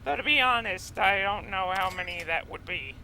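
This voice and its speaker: A man's voice: high voice, lively intonation, normal speed, bright, forceful tone, a little hiss or hum, low-quality recording. A man giving casual commentary while playing a video game, chatty and rambling off on tangents. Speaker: let's play gamer.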